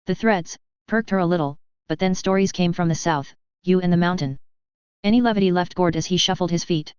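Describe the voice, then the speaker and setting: Woman, story narration, very smooth voice, dry dull lo-fi sound. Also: fairly low pitch, moderate pace, no echo. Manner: steady, even storytelling delivery. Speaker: fan fiction reader. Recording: slightly dull, dry lo-fi recording.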